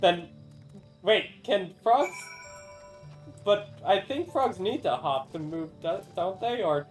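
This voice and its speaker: Male streamer, high voice, casual gameplay chat, rambling, giggly, quiet music underneath. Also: animated, takes it slowly, rough recording. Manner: chatty, laughs often, rambling asides.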